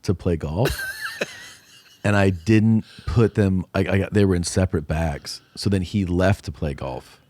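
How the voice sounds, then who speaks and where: A man's voice: low voice, unhurried, a little hiss or hum. A man co-hosting a podcast, telling stories in casual chat, swearing and laughing as he goes. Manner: expressive, swearing, laughing storyteller. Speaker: podcast co-host.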